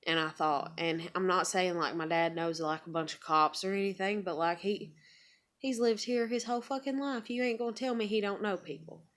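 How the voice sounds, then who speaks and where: A woman's voice: medium pitch, steady tone, normal speed, fairly bright tone. A woman telling a painful family story in a confessional vlog, emotional and full of swearing, often getting sidetracked. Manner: emotional, heavily profane, rambling. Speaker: vlogger.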